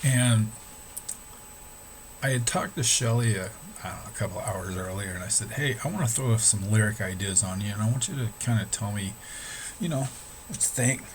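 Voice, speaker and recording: A man's voice: lowish voice, moderate pace, a little hiss or hum, low-quality recording. A middle-aged man, an amateur musician, talking casually and candidly, swearing freely and rambling with restarts. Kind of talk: casual talk to camera.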